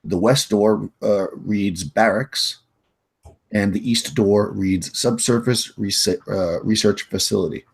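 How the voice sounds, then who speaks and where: Halting game master, low husky man. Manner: halting, with many fillers and restarts. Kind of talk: narrating a tabletop game.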